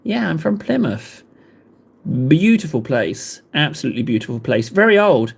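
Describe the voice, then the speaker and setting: A man's voice: fairly high pitch, very animated, normal speed, gravelly, breathy edge. A man, chatting casually with live viewers in a rambling, self-deprecating way. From England. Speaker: livestream host.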